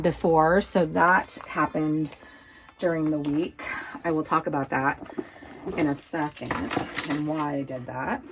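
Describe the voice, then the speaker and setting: Woman from Oregon, low gravelly voice, chatty rambling home vlogger. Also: a little hiss or hum. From Oregon, USA. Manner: chatty, rambling, laughs often. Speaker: lifestyle vlogger. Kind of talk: casual chat to camera.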